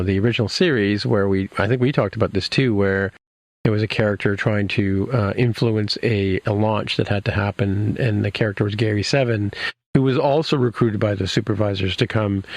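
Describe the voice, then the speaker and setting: Low gravelly man recapping an episode. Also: no echo. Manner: rambling, many fillers and restarts. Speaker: podcast host.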